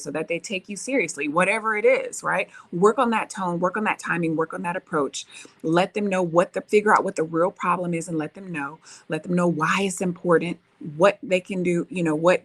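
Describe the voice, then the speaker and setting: Woman host, lower voice, coaching tone, repeats points and checks in with "right?". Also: a bit bright. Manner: repetitive, coaching, asks "right?" often. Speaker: relationship talk show host. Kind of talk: live-stream advice talk reading viewer comments.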